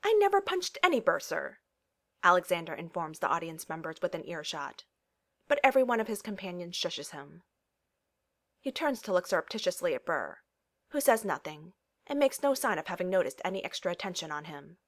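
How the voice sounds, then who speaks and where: Woman, story reader, low voice, animated intonation, expressive narration. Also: a little fast. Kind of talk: reading fan fiction aloud.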